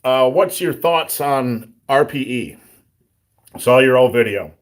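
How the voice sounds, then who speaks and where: A man's voice: mid-range voice, expressive, slow pace. Blunt male lifting coach with sore throat. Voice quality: throat-clearing, a bit rough. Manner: blunt, joking, plainspoken coaching. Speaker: livestream host answering viewer questions. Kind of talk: casual live Q&A on strength training.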